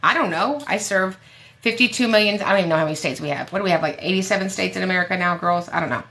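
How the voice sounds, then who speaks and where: Brief: lower-pitched woman advocate, punchy and bright-toned, blunt and sassy when giving advice. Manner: emphatic, blunt and sassy, with quick jokes. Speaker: special education advocate. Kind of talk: fiery advice on a live Q&A show.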